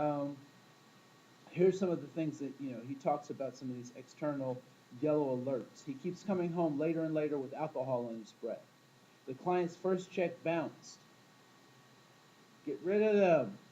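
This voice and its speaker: Mellow-voiced man teaching a class. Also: on the high side, highs cut off, slight background noise. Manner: storytelling, asks the class questions, acts out quoted voices. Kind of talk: classroom talk to students.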